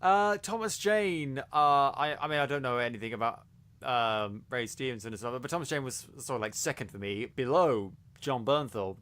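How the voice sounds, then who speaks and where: A man with a medium-pitched, slightly bright voice co-hosts a casual review podcast at a moderate pace. He's enthusiastic and rambling, packing his talk with fillers and restarts.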